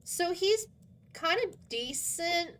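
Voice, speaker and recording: A woman chatting casually while gaming, quickly explaining tactics to a teammate. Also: very high voice, animated, a crowd in the background.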